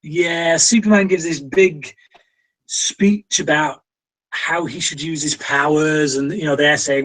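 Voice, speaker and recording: A British man hosts a casual film review chat and speaks slowly and deliberately. He is opinionated and often stops on ums and restarts his sentences. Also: fairly high pitch, steady tone, fairly bright tone, rough recording. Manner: opinionated, frequent fillers and restarts.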